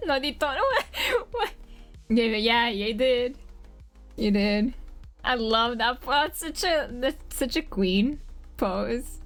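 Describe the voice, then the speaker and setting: A young woman with a fairly high voice chats casually on a live stream from her bedroom. She rambles in slang, restarts her sentences and giggles often. Faint music plays behind her. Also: lively intonation, slow pace, long pauses. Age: young adult. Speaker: livestreamer. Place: home bedroom.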